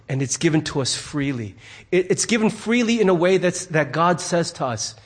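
A male pastor from the United States preaching a sermon in an earnest, emphatic way, with frequent restarts. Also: sits high.

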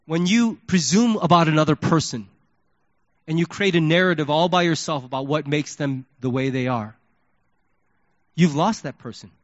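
A male pastor preaching a sermon, telling stories in an animated way and acting out his own thoughts. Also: a little high, moderate pace, no room sound. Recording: dull lo-fi sermon recording.

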